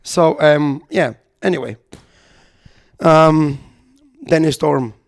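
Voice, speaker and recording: A man's voice: on the high side, takes it slowly, gravelly, dry recording. A young man co-hosting a podcast, answering with short, dry quips in casual chat. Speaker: podcast co-host.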